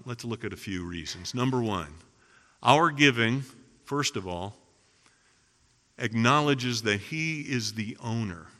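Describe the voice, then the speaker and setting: A middle-aged man preaching a sermon as pastor, emphatic, firing rhetorical questions and swinging between loud and hushed passages. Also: mid-range voice. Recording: long reverb of a large hall.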